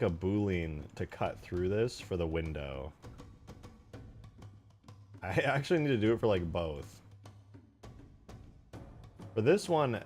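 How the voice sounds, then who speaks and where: A man streams himself building a game mod, chatting casually as he works. His voice sits on the low side; he mutters quietly while modeling, then bursts out loudly to thank viewers.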